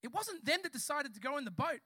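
High, bright-voiced preacher man. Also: sing-song, fast talker, no echo. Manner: impassioned, addresses the congregation directly. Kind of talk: live church sermon with storytelling. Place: church service before a congregation.

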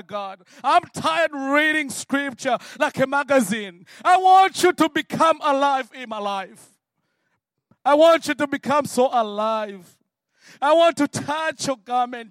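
High-voiced African man preaching a testimony. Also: animated, measured pace, no echo, studio quality. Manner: emotional, swinging from hushed to shouting prayer. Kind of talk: sermon testimony.

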